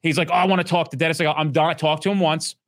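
A man who owns a police training company, talking bluntly and profanely in a casual podcast chat, acting out what others said in loud bursts. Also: fairly high pitch, racing, no room sound, studio quality. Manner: blunt, profane, animated, acts out quoted speech loudly.

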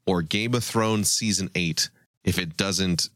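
Low-voiced man hosting a podcast. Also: measured pace, fairly bright tone, no echo, clean studio sound. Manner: frank, laughs often, swears casually. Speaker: podcast host. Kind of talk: casual podcast discussion.

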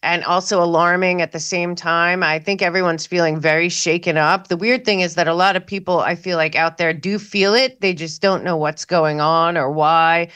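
A woman's voice: lowish voice, fairly even intonation, moderate pace, hardly any pauses, fairly bright tone, clean tone, no room sound. A woman co-hosting a panel podcast, talking in a rambling way with hesitant restarts. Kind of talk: casual panel talk.

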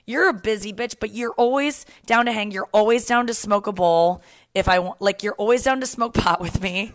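A woman's voice: mid-range voice, moderate pace, no room sound. Chatty woman podcast host, dry sound. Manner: chatty, laughing, swearing freely. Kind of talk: casual podcast chat. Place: apartment couch.

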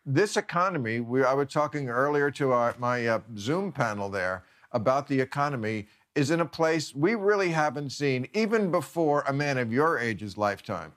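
A man's voice: medium pitch, lively intonation, normal speed, hardly any pauses, a bit bright. A man hosting a talk show, teasing his guest and laughing often.

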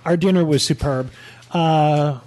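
A man's voice: fairly high pitch, measured pace, a little mellow. A man giving a blunt, opinionated restaurant review on a casual podcast. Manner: blunt, opinionated, lists menu items. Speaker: dining reviewer.

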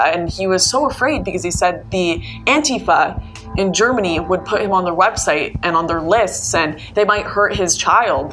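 A woman earnestly recounting what she has seen while travelling, sounding worried. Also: on the low side. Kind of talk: casual recounting.

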